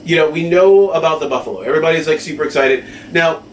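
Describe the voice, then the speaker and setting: A man's voice: on the high side, quick pace. Rambling man on an echoey podcast. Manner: rambling, full of fillers and "right?". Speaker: podcast co-host. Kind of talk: casual chat. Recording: echoey room, mic at a distance, faint noise.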